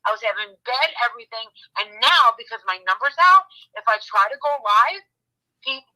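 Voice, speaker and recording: Woman youtuber high voice, just ranting casual, keeps restarting, swears bluntly. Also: normal speed, rough recording. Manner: rambling, animated retelling with many restarts. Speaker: true-crime YouTuber. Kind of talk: casual chat.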